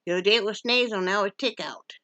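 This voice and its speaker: A woman's voice: medium pitch, fast talker, bright, forceful tone, no echo. A woman from Wyoming in a casual home vlog, chatty and joking and cooing at her dog. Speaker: vlogger. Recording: dull lo-fi sound.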